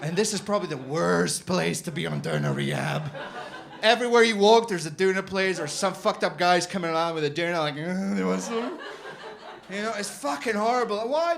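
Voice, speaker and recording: Male stand-up comic, brash and profane, animated delivery, live club recording with a laughing audience. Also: high voice. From Germany. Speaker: stand-up comedian. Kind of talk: stand-up set. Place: comedy club stage.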